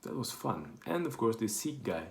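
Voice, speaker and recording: Wry Portuguese-accented man, gravelly and low. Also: big pitch swings, normal speed. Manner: rambling, self-correcting, wry storyteller. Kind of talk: casual anecdote. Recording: echoey room.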